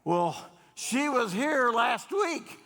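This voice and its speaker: A man telling folksy jokes to a gathering, chatty with drawn-out pauses and frequent restarts. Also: very high voice, big pitch swings, sharp tone. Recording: long hall reverb.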